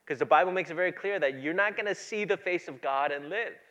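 A pastor preaching a sermon, moving between quiet, low asides and loud, emphatic passages. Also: male voice, quick pace, muffled recording.

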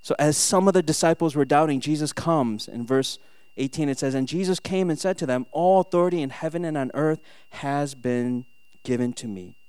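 A man from Minnesota, a pastor in his thirties, giving a sermon with animated storytelling and rhetorical questions. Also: fairly high pitch, moderate pace, clear, resonant tone, no room sound.

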